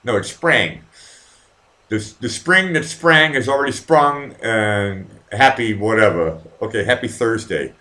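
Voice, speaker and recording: Casual live-stream host, male, lowish voice, swings up and down a lot as he rambles, swears freely. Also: animated, measured pace, bright, forceful tone. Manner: rambling, profane, talks to the chat. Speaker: host of a live online show.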